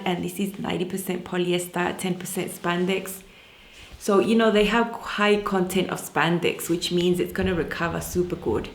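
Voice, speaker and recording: A woman's voice: medium pitch, echoey room. A woman hosting a sewing channel, chatting casually and enthusiastically about fabrics, with frequent fillers. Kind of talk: casual fabric haul chat.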